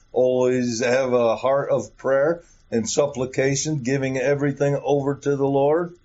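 Slow, emphatic male preacher on a dull recording. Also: medium pitch, warm tone. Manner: emphatic, with rhetorical questions and repeated phrases. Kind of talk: sermon.

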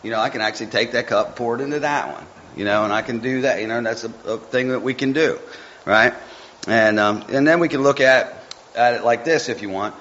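A man's voice: medium pitch, a little fast, a bit bright, slight background noise. Male lay speaker, informal sermon, chatty and meandering; slightly dull recording with faint background. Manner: folksy, rambling, chatty asides. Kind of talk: informal devotional talk. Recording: muffled with faint background ambience.

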